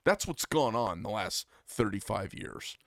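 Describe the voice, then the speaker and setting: A lowish-voiced American man hosting a talk show, speaking with heat and emphasis. His voice jumps up in outrage and he swears freely. The recording is dry and close, with no room sound. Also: expressive, unhurried, no room sound. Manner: heated, emphatic, rising to near-shouts of outrage with profanity. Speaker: podcast host. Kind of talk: casual political chat.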